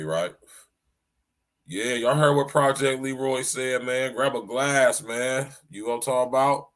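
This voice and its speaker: A man hosting his own podcast, talking loud and casual in a slangy style, coughing now and then and saying "man" at the end of nearly every line. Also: medium pitch. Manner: loud, slangy, repeats "man" and "you know what I'm saying". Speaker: podcast host.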